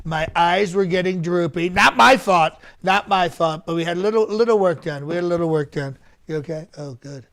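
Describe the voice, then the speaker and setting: A man's voice: high-pitched, brisk, fairly bright tone. A man impersonating a bragging older politician. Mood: joking. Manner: bragging, repetitive, rambling asides. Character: boastful rambling older male politician. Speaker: comedian doing an impression. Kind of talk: live-stream comedy press conference.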